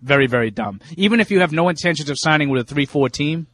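A man's voice: fairly high pitch, lively intonation, fast talker, fairly bright tone, dry recording. A middle-aged man co-hosting a sports radio show in casual talk, emphatic and opinionated, often restarting his words.

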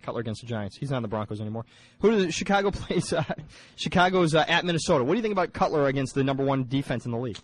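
A man's voice: medium pitch, lively intonation, very fast. A man hosting a casual sports radio show from a studio, upbeat, with many fillers. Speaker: radio host.

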